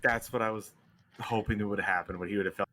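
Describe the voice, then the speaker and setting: A man's voice: fairly low pitch, fairly even intonation, fast, pushed and bright, no echo. A man co-hosting a casual fantasy football podcast, hesitating and thinking aloud over his picks. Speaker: podcast co-host.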